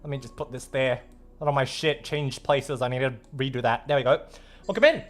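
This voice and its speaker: A man's voice: mid-range voice, big pitch swings, moderate pace, soft background music. A man with an Australian accent streaming, chatting casually and playfully as he reads out viewer messages, rambling and swearing now and then.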